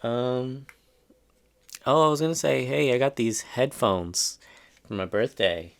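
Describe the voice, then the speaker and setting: A man's voice: medium pitch, slow, gravelly. A man hosting a solo podcast, ranting in a profane, rambling, exasperated way, trailing off and restarting mid-sentence. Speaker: podcast host.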